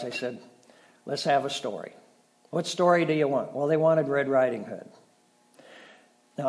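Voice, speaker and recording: A middle-aged male pastor preaching a sermon, telling stories with dramatic shifts between loud and soft. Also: mid-range voice. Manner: storytelling, dramatic shifts in volume.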